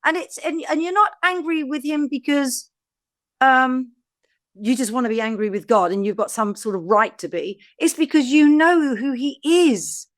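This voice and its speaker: A woman's voice: high voice, moderate pace, no room sound, clean studio sound. A woman co-hosting a casual Bible study podcast, laughing often and reading passages aloud. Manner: warm-hearted, laughs often, reads scripture aloud. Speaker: podcast co-host.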